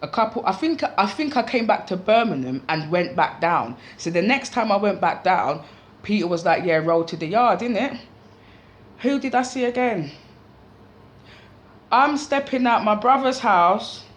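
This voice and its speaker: A woman's voice: mid-range voice, normal speed. Slangy woman telling a story. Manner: animated, slangy, swears freely. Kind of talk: casual story time.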